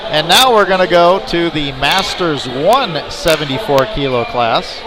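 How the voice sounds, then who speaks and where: A man with a fairly high, expressive voice announces lifts at a powerlifting meet at a measured pace, tossing in chatty, joking asides between attempts. It's live commentary from an indoor competition venue, recorded amid noisy arena ambience.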